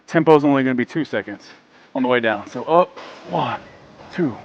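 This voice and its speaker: A man's voice: mid-range voice, lively intonation, normal speed, vocal fry, lo-fi sound, a little hiss or hum. A man filming a casual workout vlog in a gym, joking around and pushing the viewer between sets, sometimes out of breath. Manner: joking, hypes the viewer while training. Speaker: fitness vlogger.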